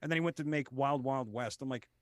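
A young man riffing through improvised comedy banter as a podcast guest, laughing often and stammering through quick restarts and impressions. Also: medium pitch, no room sound, studio quality.

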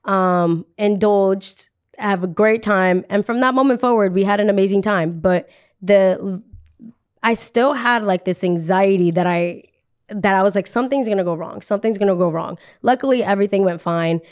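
A woman's voice: medium pitch, moderate pace, clear, resonant tone. A young adult woman hosting a podcast, telling a personal story in a casual, chatty way, repeating phrases for emphasis and saying "like" often.

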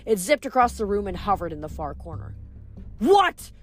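A woman reading chapters of a novel aloud in steady storytelling narration. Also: mid-range voice, fast talker, faint music behind. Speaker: reader.

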